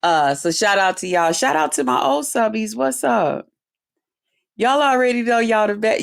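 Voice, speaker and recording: A woman's voice: fairly high pitch, normal speed, vocal fry. Swearing, preachy woman host. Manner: preachy, emphatic, repeats catchphrases; swears freely, laughs often. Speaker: YouTube channel host. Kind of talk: casual commentary livestream.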